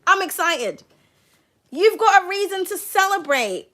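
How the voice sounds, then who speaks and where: A woman giving a live-stream tarot reading, chatty and excitable, swearing freely. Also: extremely high pitch, measured pace. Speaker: tarot reader.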